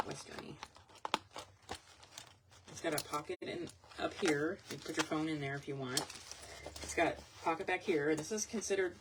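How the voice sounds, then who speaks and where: A woman selling vintage goods online, chatting casually and rambling as she shows items on a live stream. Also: low-pitched. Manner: chatty, rambling, thinks aloud. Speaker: online vintage seller showing products. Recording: loud background noise, crinkling packaging.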